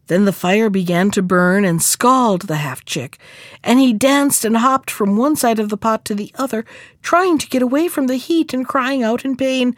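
A woman reading a fairy tale aloud in an expressive, sing-song storytelling manner. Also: fairly high pitch, moderate pace, dry recording, clean studio sound.

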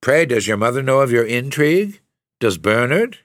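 A man's voice: low voice, lively intonation, normal speed, gravelly, dry recording, clean studio sound. A man voicing a jealous, bitter young woman in a gothic story reading, with a cutting, passionate manner. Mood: accusing.

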